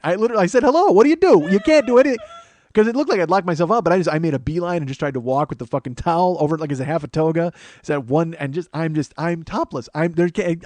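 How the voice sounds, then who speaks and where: A man's voice: fairly high pitch, dry recording. Profane man telling a story. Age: 40s. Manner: profane, animated storytelling that builds to loud mock pride. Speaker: comedian podcast host. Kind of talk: storytelling monologue.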